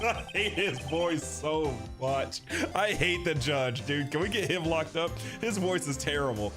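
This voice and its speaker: A man riffs over a game with playful, mock-outraged jokes. His voice sits high and bounces around a lot. Game music plays steadily under him. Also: lively intonation, a little slow. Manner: joking, mock-outraged reactions. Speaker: streamer. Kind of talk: casual game commentary.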